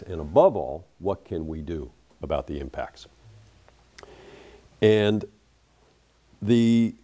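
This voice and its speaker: A man's voice: low-pitched, dark tone. A middle-aged man giving a public talk as an author, telling a story in an earnest, reflective way with frequent fillers. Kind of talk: lecture storytelling.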